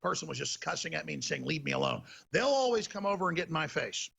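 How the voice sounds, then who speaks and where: A man's voice: on the high side, very animated, fast talker, gravelly, fairly bright tone, husky. A man hosting a talk show, delivering a heated, emphatic ranting monologue.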